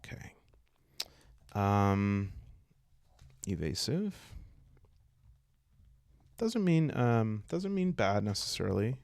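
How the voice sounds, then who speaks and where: Chatty guy running a solo tabletop game, lively up-and-down voice, dry close sound. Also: fairly low pitch, takes it slowly, vocal fry, long pauses, no echo. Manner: chatty, self-correcting, talks to viewers. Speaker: solo game player and host.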